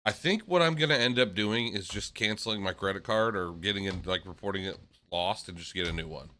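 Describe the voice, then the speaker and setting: A man from the American South co-hosts a gaming podcast in easy banter. His voice sits low but has a bright, forceful edge, and he swears freely and laughs between lines. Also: a little fast, a little hiss or hum. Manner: swears often, laughs a lot, repeats himself. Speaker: podcast co-host. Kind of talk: casual chat.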